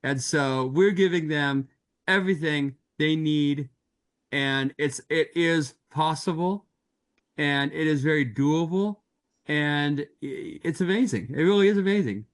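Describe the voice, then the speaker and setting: A man's voice: on the high side, measured pace. A man in casual conversation, agreeable and reassuring, often restarting his sentences. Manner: agreeable, hesitant starts, reassuring. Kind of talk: casual chat.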